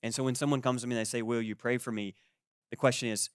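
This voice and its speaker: Animated pastor in his forties. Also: medium pitch, fast, clean tone, no echo, studio quality. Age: 40s. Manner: conversational, animated, acts out quoted voices. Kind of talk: sermon.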